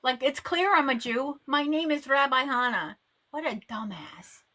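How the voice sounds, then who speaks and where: Brief: woman rabbi, bright and a bit high, blunt and sarcastic, swears freely. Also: expressive, normal speed. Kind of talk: casual chat on a live call-in stream.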